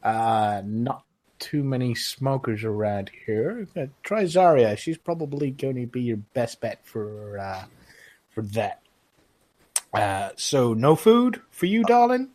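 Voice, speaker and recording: A man's voice: medium pitch, expressive, takes it slowly, a little mellow. A man voicing a friendly, flirty female innkeeper who teases her guests and calls them darling.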